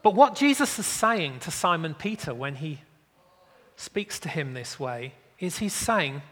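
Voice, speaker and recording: A man preaching in a measured, emphatic way, his voice sitting a little high. He speaks very slowly, and a long hall reverb trails each phrase. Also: big pitch swings, fairly bright tone. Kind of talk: sermon.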